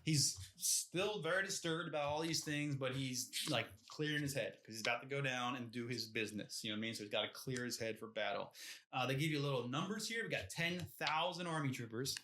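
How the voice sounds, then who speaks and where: A man talks through a book on a casual podcast, his voice bright and forceful. He rambles and restarts, throwing in "you know what I mean?" as he goes. His pitch sits in a middle range for a man. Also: fairly quick, slight background noise. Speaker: podcast co-host. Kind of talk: casual book discussion chat.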